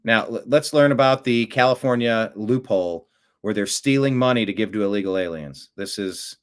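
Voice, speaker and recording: A man hosting a talk show, giving rambling, opinionated political commentary that swings from mutters to loud outbursts. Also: lowish voice, moderate pace.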